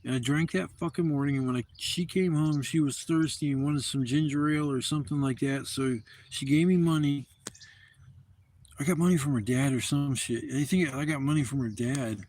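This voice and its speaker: A man's voice: fairly high pitch, moderate pace, darkish tone. A man hosting a casual livestream from a campsite, telling a long rambling story with plenty of swearing. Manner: rambling, profane, loose storytelling. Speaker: livestream host. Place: outdoor campsite.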